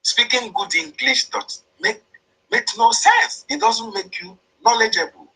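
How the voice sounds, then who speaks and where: A man's voice: very high voice, huge pitch swings, a little slow, vocal fry, sharp tone, slightly rough, poor audio. A man with a Nigerian accent giving an impassioned political monologue, repeating and stressing his points as he denounces opponents. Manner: repetitive, emphatic, denouncing opponents. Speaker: speaker on a political online broadcast.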